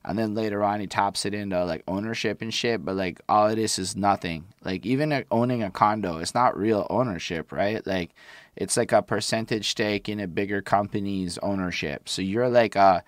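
A man co-hosting a casual album review, talking loosely and profanely and quoting lyrics in animated bursts. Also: fairly low pitch, normal speed, no echo, clean studio sound.

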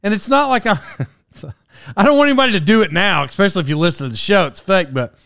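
A man's voice: high-pitched, animated, fast, creaky, a bit bright, no echo, studio quality. A man in his forties hosting a podcast solo, rambling through a personal story with restarts and laughs at himself. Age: 40s. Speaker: podcast host.

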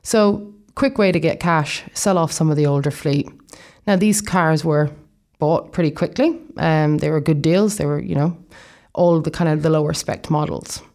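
A young Irish woman with a notably low voice talks through her plans in an easygoing, rambling way. She keeps drifting into friendly asides as she explains. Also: moderate pace, darkish tone. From Ireland. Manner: chatty and rambling, with frequent asides. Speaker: vlogger. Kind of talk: casual explanatory vlog.

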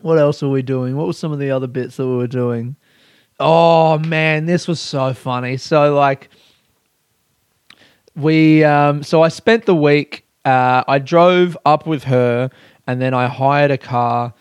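A man's voice: medium pitch, fairly even intonation, measured pace, clean tone, no room sound, studio quality. A young man hosting a solo podcast, rambling candidly, swearing freely and laughing at himself. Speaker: podcast host.

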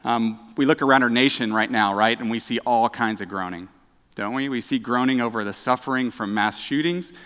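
A man preaching a casual sermon, chatty and self-deprecating, with halting restarts and dad jokes. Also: mid-range voice, a bit bright, clear, resonant tone. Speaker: director of outreach, preaching. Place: church sanctuary. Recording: echoey church hall.

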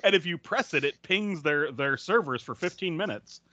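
Animated, bright-voiced man recapping a movie. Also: fairly high pitch, moderate pace, no room sound. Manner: profane, laughs often while recapping. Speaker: podcast co-host. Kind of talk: casual movie recap chat.

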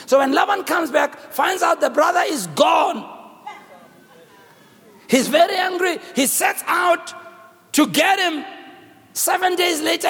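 A man with a South African accent preaching a sermon and telling the story dramatically, swinging from shouts to hushed tones. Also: very high-pitched, creaky, slightly rough. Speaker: bishop preaching. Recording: long reverb of a church hall.

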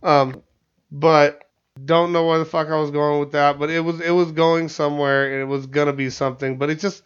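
Rambling, profane podcast host, muffled. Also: male voice, on the high side, flat delivery, moderate pace, smooth. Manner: rambling, profane, lots of stammered restarts. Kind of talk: casual chat. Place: studio.

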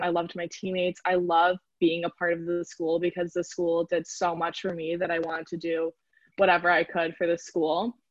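Recorded with lo-fi sound and no echo, a young woman from around Chicago chats in an interview about rowing in college. She speaks in a fairly low voice and leans heavily on "like" as a filler.

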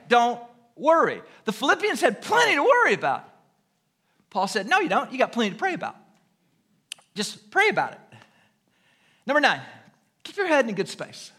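A man's voice: extremely high pitch, sharp tone. A man preaching a sermon, earnest and repeating his key phrases for emphasis. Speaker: pastor. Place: church sanctuary.

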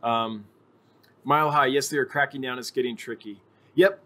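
A man hosts a casual livestream and answers viewer questions from chat. His voice is bright and forward, at a middle pitch for a man, and he rambles along, correcting himself with frequent ums. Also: normal speed. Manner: chatty, rambling, many ums and self-corrections.

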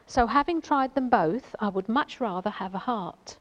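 A woman reading aloud the lines of a gentle, wistful tin man from a storybook, in her own voice. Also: a little high, expressive, normal speed, lightly acted.

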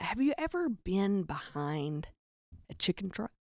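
A woman's voice: medium pitch, very animated, normal speed, no echo, clean studio sound. A young adult woman with a Southern American accent, telling funny stories in a chatty, self-deprecating way as a podcast host. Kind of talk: comedic storytelling monologue.

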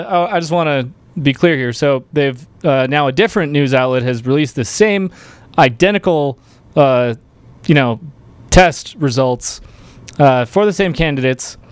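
A male host with a fairly high voice that swings widely in pitch. He sounds emphatic and animated, and the recording is dry and close. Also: clean tone, no room sound. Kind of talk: live political talk show.

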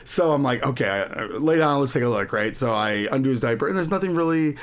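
A man's voice: medium pitch, lively intonation, fast. A man in his thirties co-hosting a podcast, telling rambling stories in casual chat, full of "like" fillers. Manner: rambling storyteller, lots of "like" fillers, quotes his kids. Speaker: podcast co-host.

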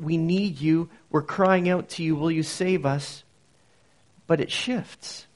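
A man's voice: medium pitch, a little mellow. A man preaching a sermon as pastor, earnest, with emphatic rises on key phrases.

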